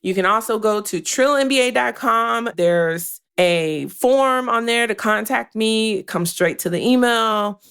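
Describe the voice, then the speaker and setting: A woman's voice: on the high side, unhurried, hardly any pauses, fairly bright tone, clean tone. A woman with hosting a career podcast, speaking bluntly and animatedly to her listeners and swearing freely as she coaches them. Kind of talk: casual podcast monologue.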